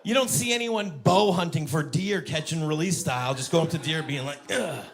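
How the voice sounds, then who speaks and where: On a club stage, a male stand-up comedian with a voice on the high side talks a little fast. He animatedly acts out both sides of conversations with his friend.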